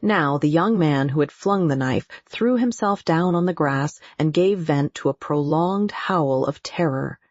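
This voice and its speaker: A woman narrating an audiobook in a measured, deliberate way. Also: deep voice, darkish tone, no echo. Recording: dull, muffled audio.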